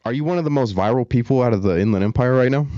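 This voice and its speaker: A man's voice: mid-range voice, very fast, dark tone, dry recording, lo-fi sound. A man hosting a casual interview, asking short questions and reacting briefly. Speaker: host.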